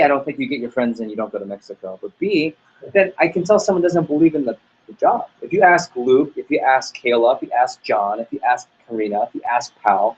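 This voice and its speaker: A man's voice: mid-range voice, darkish tone, lo-fi sound, slight background noise. A man leading a sales team training talk, upbeat and motivational, acting out little dialogues as he goes. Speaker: sales office manager.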